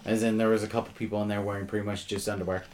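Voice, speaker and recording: A man's voice: on the low side, flat delivery, very fast, darkish tone, slight background noise. A man, co-hosting a casual podcast and telling rambling stories with crude jokes. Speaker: podcast co-host.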